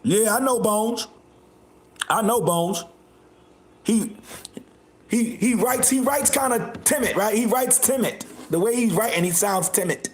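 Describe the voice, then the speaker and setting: A high-pitched man hosts a live stream and rants at his chat. He is loud and confrontational and repeats himself again and again. His voice rings in an echoey room. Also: a little slow, pauses often, slight background noise. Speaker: livestream host.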